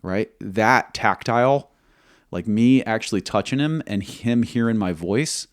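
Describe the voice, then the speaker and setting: A man who served as a military pilot, telling a combat story in an interview, measured and halting, acting out quoted dialogue. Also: fairly low pitch, clear, resonant tone, no room sound, clean studio sound.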